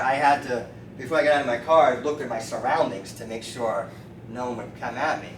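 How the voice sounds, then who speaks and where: A man in his fifties, a chiropractor, telling lively stories at a meeting and acting out the people he quotes. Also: mid-range voice. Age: 50s. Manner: animated storyteller acting out quoted voices. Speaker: chiropractor, featured speaker. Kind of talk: storytelling talk to a meeting. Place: meeting room. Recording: roomy, distant mic with faint noise.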